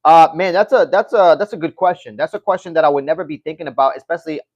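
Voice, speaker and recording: High-voiced man hosting a live chat. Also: quick pace, muffled recording. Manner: animated, talks straight to chat, swears. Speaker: livestream host. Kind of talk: casual livestream chat reading comments.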